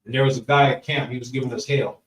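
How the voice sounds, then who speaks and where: A man's voice: mid-range voice, steady tone, fast talker, fairly bright tone, slight background noise. Man, class leader, casual preachy delivery, echoey room, mic far off. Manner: casual, repeats phrases, asks the room for agreement. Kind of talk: preaching-style group lesson.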